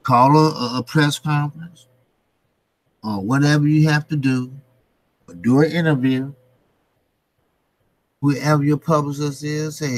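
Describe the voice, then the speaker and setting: Brief: male commentary host, unhurried, blunt profane rant, dry close sound. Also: mid-range voice, slightly rough, no room sound. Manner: blunt, profane, repeats rhetorical questions. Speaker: boxing commentary channel host. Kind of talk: casual ranting commentary.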